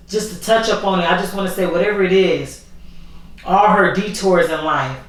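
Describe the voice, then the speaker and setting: A woman's voice: lowish voice, fairly bright tone. A woman vlogger talking casually and candidly, rambling and repeating herself as she speaks from the heart. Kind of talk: casual heartfelt vlog talk. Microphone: voice only, camera not working. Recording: very echoey room, far from the mic.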